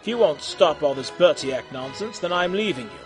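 A man's voice: on the high side, lively intonation, moderate pace, soft background music, lightly acted. A man voicing a stern, exasperated female monster mother who scolds her husband. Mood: scolding. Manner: scolding, fed-up.

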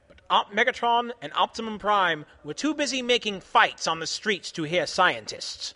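A man doing a deadpan comic reading in deliberately broken English, in a mock-pompous manner, yelling the quoted lines. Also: sits high. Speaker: host reading comic stories.

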